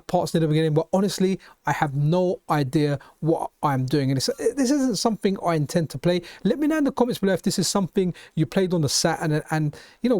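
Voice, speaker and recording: A man's voice: fairly high pitch, darkish tone, no room sound, studio quality. A man with a London accent hosting a retro gaming channel, chatting casually over gameplay and often restarting his sentences. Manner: chatty, restarts and repeats words.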